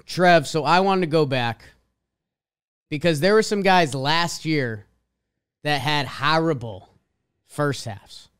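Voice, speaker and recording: A man's voice: a little high, takes it slowly, long pauses, a bit bright, smooth. A man with a Boston accent co-hosting a casual sports podcast, reading out stat lines with emphatic swings. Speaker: podcast co-host.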